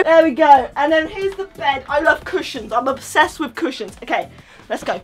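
A woman's voice: high voice, normal speed. A woman giving a playful room tour of her bedroom, jokey and giddy, now and then breathless. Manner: giddy, jokey, shifts into excited squeals. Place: bedroom, indoors.

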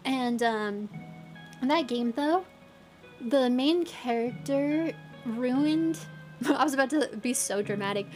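Young woman, high bright voice, giggly casual chat, faint music behind. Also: slow, long pauses. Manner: chatty, giggly, tries British phrases. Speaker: streamer. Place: lives in England.

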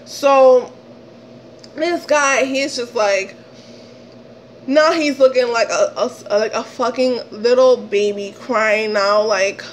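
A young woman vlogger telling a story, animated and indignant, swearing often and acting out the dialogue in a shrill, pleading voice. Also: slow pace, a little hiss or hum, poor audio. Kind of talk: story time retelling.

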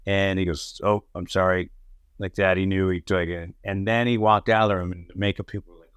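A man with a low voice tells his stories from film and TV sets in a loose, animated way, acting out the lines of the people in them and swearing as he goes. The sound is dry and close, with no room heard behind him. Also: normal speed, clean tone, dry recording. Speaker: podcast co-host and actor. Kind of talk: casual storytelling chat.

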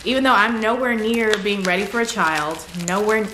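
A young woman from North Carolina, chatting excitedly as she opens fan mail at home for her vlog. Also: mid-range voice, moderate pace, noisy background. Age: young adult. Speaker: vlogger. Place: room at home. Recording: echoey room with faint ambience.

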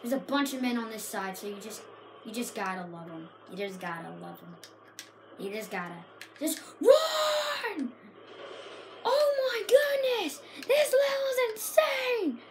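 A woman giving frantic, excited commentary while playing a shooter game, often shouting and yelping. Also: high voice, a little slow, noisy background. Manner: frantic, shouts and yelps at the action. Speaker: gaming video creator.

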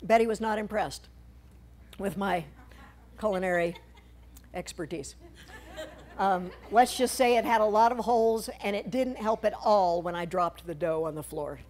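A woman's voice: mid-range voice, unhurried, long pauses, darkish tone. Lady talking to her church about a mission trip, chatty and jokey, normal mid voice. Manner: conversational and humorous, with playful asides. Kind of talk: church talk presenting slides. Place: church sanctuary.

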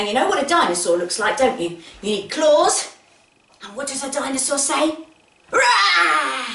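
A woman's voice: fairly high pitch, far from the mic. A woman leading a music session for toddlers, singing rhymes and telling a story in a coaxing, sing-song way straight to the children. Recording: echoey room, voice away from the mic. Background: guitar music.

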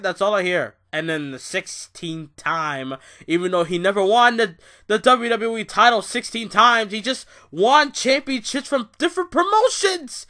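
A young man ranting in a show review, profane and exasperated, jumping from loud outbursts to low, bitter muttering. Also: expressive, moderate pace.

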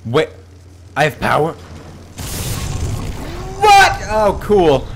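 A man's voice: medium pitch, big pitch swings, unhurried, pushed and bright, a little hiss or hum. A young man giving live gameplay commentary as a streamer, jumpy and swearing, with sudden yelps and squeals. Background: game music.

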